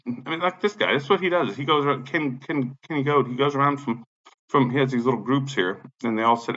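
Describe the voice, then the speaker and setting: A man's voice: medium pitch, pushed and bright. A man in an angry, profane rant, agitated, repeating himself and swearing constantly. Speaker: vlogger. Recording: dull lo-fi sound.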